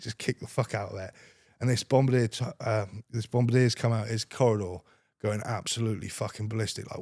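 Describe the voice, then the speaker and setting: A man's voice: medium pitch, fast, dry recording, studio quality. A young British man, a former soldier, recounting army stories casually with heavy swearing and quoted dialogue. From United Kingdom. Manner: swears heavily, animated retelling with quoted dialogue. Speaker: podcast guest, former soldier. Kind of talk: casual storytelling.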